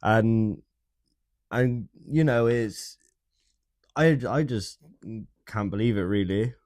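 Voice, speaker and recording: A man hosting a livestream, chatting casually with viewers in a hesitant, soft-spoken way and often repeating his words. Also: on the low side, slow pace, no room sound, studio quality. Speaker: livestream host. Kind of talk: casual chat with live viewers.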